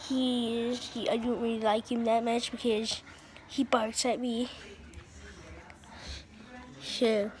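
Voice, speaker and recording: A woman's voice: a little high, flat delivery, slow, long pauses, a little hiss or hum. A woman rambling casually to her camera, restarting often and giggling. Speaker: vlogger. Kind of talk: casual home vlog.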